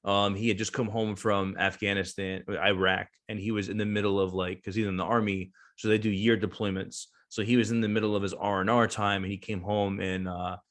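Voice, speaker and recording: A man's voice: on the low side, level tone, a little fast, few pauses, a bit bright. A man around thirty, a veteran business owner, telling a long casual story as a guest, with lots of fillers and restarts. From New Jersey.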